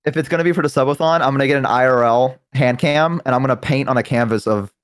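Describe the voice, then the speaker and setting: A man's voice: medium pitch, fast talker, no room sound. A man chatting casually on a live stream, rambling and talkative with many restarts, close to a desk microphone.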